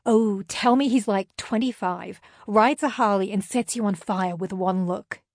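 A woman voicing a bubbly, excitable teenage girl who teases her friend on the phone. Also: medium pitch, measured pace, no room sound, clean studio sound, lightly acted. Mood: excited teasing. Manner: squealing, teasing, excitable. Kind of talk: audiobook character voice.

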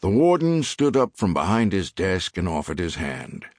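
Man, deep voice, lively intonation, audiobook narration, dry close sound. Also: moderate pace, no room sound. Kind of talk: scripted narration.

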